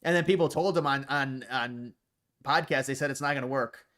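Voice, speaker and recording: A man's voice: medium pitch, moderate pace, sharp tone. A man hosting a livestream, reacting to chat in blunt, profane, sarcastic rants. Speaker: livestream host. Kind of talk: casual livestream commentary.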